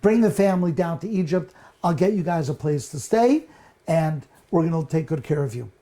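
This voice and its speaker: Joseph, a grown man full of feeling, speaks earnestly and forgivingly to the brothers who wronged him, as a male storyteller puts him on. The voice is mellow and warm, with nothing sharp in it. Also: on the high side, expressive, moderate pace, close to an everyday voice. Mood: reassuring.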